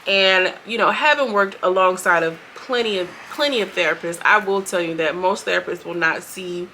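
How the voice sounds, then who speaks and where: A young adult woman giving a chatty, animated recap, acting out quotes in quick bursts. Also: fairly low pitch, slight background noise. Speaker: show reviewer. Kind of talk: casual recap commentary.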